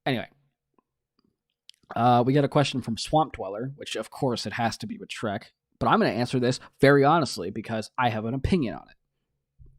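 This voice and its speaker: Animated joking man. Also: mid-range voice, dry recording, clean studio sound. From New York. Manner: animated, joking, swears freely. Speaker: podcast co-host. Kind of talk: casual chat.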